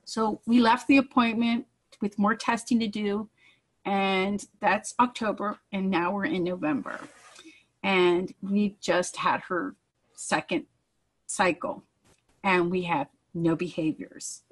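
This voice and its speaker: A woman's voice: mid-range voice, fairly even intonation, takes it slowly, rough recording. A woman, a mother, giving an earnest personal testimonial in a conversational storytelling way. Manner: earnest, acts out quoted dialogue.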